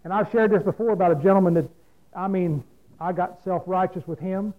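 A man's voice: high voice, fairly even intonation, fairly quick. A man preaching a folksy, plain-spoken sermon, often asking his listeners questions. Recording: phone-like lo-fi radio broadcast.

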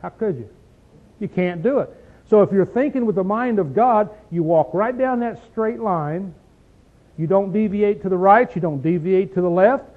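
A high-pitched man leads a Bible study in plain, folksy talk, pressing each point with rhetorical questions. He clears his throat now and then. The sound is thin and tinny, like a phone line. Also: lively intonation, normal speed. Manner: folksy, emphatic, asks rhetorical questions like "see?" and "okay?". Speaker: preacher teaching a Bible study. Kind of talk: conversational Bible teaching.

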